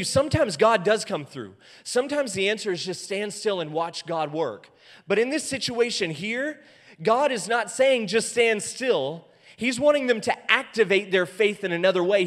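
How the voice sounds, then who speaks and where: A man preaching as pastor in a church, animated and acting out quoted voices, often soft and then loud. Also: on the high side. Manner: animated, acts out quoted voices with big swings in loudness. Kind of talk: sermon. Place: church auditorium. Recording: long hall reverb.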